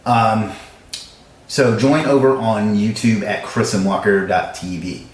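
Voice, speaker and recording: A man hosting a live stream, chatting casually with viewers in a fast, joking, self-mocking way, in a room with echo. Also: on the low side, steady tone. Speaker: livestream host. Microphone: livestream camera setup. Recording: echoey room sound.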